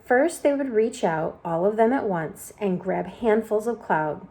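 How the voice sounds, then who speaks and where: Mellow woman reading a storybook. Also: mid-range voice, a little slow. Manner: expressive storytelling narration. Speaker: storybook reader. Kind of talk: reading a children's book aloud.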